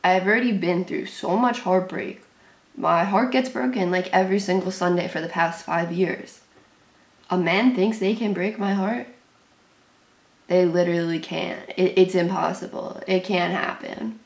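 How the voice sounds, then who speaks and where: A woman's voice: lowish voice, fairly even intonation, measured pace, reverberant. A young woman calling an American football game live as a fan, in short clipped sentences, nervous and anxious. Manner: nervous play-by-play, shrieking at big plays. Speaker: sports fan commentator. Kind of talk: live game reaction commentary.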